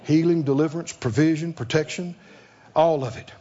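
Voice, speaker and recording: A man's voice: on the high side, moderate pace, warm tone, highs cut off. A man preaching a sermon, emphatic and fond of rhetorical questions.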